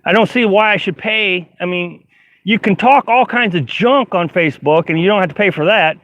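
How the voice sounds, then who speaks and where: A man's voice: sits high, moderate pace, no room sound. A middle-aged man hosting a casual live stream from his camper, reading viewer comments aloud, rambling and laughing often. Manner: rambling, laughs often, many fillers and restarts. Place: inside a camper. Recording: dull, lo-fi live-stream audio.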